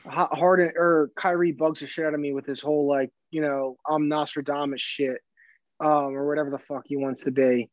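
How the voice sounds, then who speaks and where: A man's voice: a little high, flat delivery, fairly quick, dry recording. A man co-hosting a casual sports podcast who rambles, stumbles over his words, restarts his sentences and swears freely. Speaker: podcast co-host. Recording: dull, dry sound.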